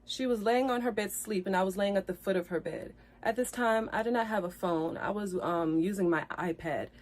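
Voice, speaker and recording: A female vlogger tells her side of a breakup in an emotional storytime, speaking fairly quickly at a medium pitch. She's earnest and apologetic and repeats herself, growing heated and indignant, at times close to tears.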